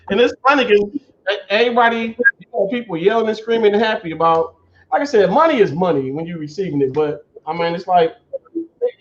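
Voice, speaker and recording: Laid-back high-voiced man hosting a livestream. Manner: loose, laughing, greets viewers by name. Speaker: livestream host. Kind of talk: casual livestream chat. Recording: dull lo-fi stream audio.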